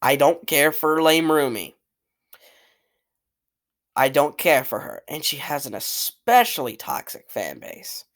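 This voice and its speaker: A man's voice: fairly high pitch, expressive, unhurried, long pauses, fairly bright tone. A man giving casual, opinionated commentary as a channel host, blunt and rambling, swearing freely and repeating himself. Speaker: channel host ranking cartoon characters.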